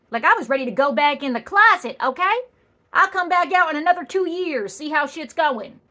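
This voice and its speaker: High, bright sassy woman telling a story. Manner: sassy, rapid punchlines, exaggerated asides. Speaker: comedian. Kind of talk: comedic storytelling.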